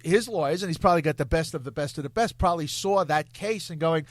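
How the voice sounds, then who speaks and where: A man co-hosting a comedy show, giving his opinion in casual talk, halting and restarting as he thinks. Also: a little high, dry recording. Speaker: co-host. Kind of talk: casual banter.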